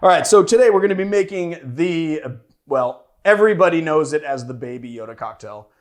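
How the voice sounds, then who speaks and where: A man's voice: fairly high pitch, animated, fairly quick. A man hosting a cocktail show in casual chat, playfully teasing his co-host.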